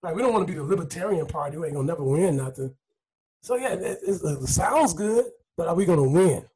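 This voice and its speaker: An excitable podcast host with a high, husky voice that leaps and dips as he jokes. He laughs often and pushes the conversation along. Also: fast, rough recording. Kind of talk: casual podcast chat.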